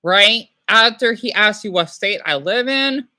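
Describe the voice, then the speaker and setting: A man hosting a casual livestream, rambling and excitable, often apologizing as he talks. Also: high voice, unhurried. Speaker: livestream host.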